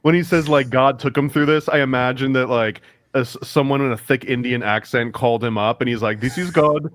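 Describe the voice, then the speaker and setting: A man's voice: mid-range voice, fairly even intonation, fairly quick, a bit bright, dry recording. A man in casual podcast chat as a guest, wisecracking and mocking.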